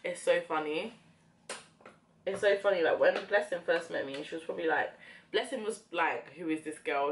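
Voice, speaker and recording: Low-voiced young woman chatting reflectively. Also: moderate pace, slight background noise. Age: young adult. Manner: reflective, rambling, many fillers. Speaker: beauty vlogger. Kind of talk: casual chat while doing makeup.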